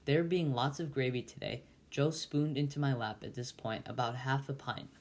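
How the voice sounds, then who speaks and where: A man reading a classic novel aloud as a volunteer, halting and often stumbling and restarting words. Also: mid-range voice, fairly even intonation. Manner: halting, with frequent slips and restarts. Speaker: volunteer reader.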